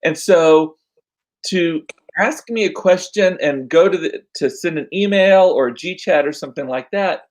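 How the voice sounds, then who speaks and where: Chatty guy host, kinda hoarse, voice a little high, rambles with lots of ums. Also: moderate pace, rough recording. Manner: chatty, rambling with frequent fillers. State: losing his voice, coughing. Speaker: podcast host. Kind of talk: casual chat.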